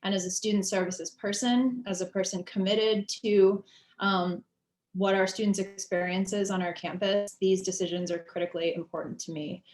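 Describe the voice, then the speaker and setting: A woman in her thirties speaks in a chatty, heartfelt way and keeps her pitch level and steady. She is on a video call from a campus office, and the room gives her voice a clear echo. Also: moderate pace. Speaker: board candidate. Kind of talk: casual virtual-event speech. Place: office at a campus cultural center.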